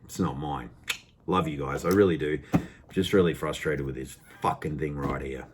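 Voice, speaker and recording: A man's voice: very deep voice, steady tone, moderate pace, background noise. An Australian man ranting casually in a car vlog, frustrated and swearing freely between jokes. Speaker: car vlogger.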